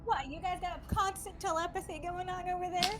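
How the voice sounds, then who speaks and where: A woman's voice: extremely high pitch, fairly even intonation, fairly quick. A woman playing a tabletop game in casual chat, blunt and wry. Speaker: player. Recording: music behind.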